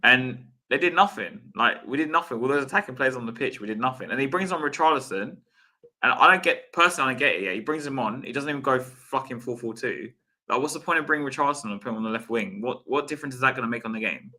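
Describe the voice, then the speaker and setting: Bright, fast-talking man questioning tactics. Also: mid-range voice. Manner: questioning, baffled by the manager's choices. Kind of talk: football fan discussion.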